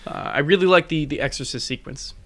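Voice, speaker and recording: A young man co-hosting an anime podcast, talking casually in a rambling, halting way with many restarts. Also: fairly high pitch, a bit bright. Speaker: podcast co-host. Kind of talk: casual chat.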